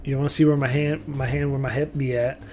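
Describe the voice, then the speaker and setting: A man's voice: mid-range voice, level tone, quick pace, a little mellow. A man running a tabletop game as game master, narrating in a loose, rambling way with frequent restarts.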